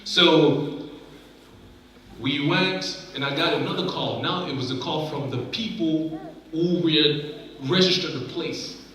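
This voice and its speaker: A man's voice: a little high, slow, pauses often, far from the mic. A young man telling a story in a sermon at a youth conference, acting out what people said in a raised voice. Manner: animated, acts out quotes in a raised voice. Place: large conference hall. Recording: echoey hall, mic heard from afar.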